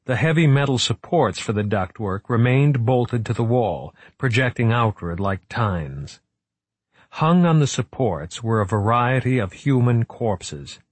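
A man reading a suspense novel aloud in a measured, steady narrating voice. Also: fairly low pitch, slightly rough, no room sound. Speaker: audiobook narrator. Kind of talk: scripted narration.

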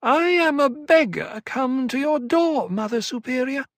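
A whining elfin little alien. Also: male voice, animated, fairly bright tone, no echo, studio quality, heavily acted. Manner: slow, pleading, high-pitched. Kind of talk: audiobook character voice.

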